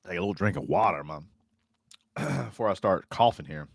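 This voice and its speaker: A man's voice: sits low, expressive, moderate pace, vocal fry, no echo, studio quality. A man hosting a casual live stream, rambling in a folksy way and reading viewer comments aloud. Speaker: host.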